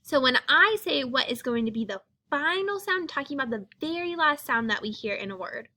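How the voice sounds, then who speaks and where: A woman's voice: high voice, lively intonation, brisk, sharp tone. A woman teaching young children a phonics lesson, speaking patiently and sounding out each letter.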